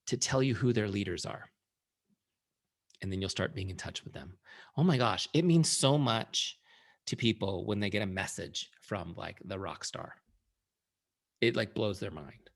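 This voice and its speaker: A middle-aged man who is a founder and sales trainer, giving an energetic, conversational training talk and often checking in with his audience. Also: fairly low pitch, gravelly. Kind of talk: live training presentation.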